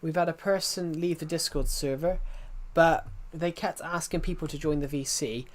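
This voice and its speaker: A man's voice: fairly high pitch, fairly even intonation, moderate pace. A man live-streaming a game, chatting casually and rambling to his viewers. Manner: rambling, chatty, talks to himself. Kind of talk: casual live-stream chat while gaming.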